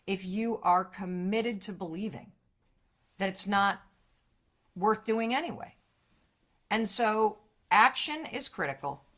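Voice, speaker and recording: Woman motivational speaker on a live stream, punchy and profane, pitch and volume leaping around. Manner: energetic, emphatic, profane, big swings in pitch and loudness.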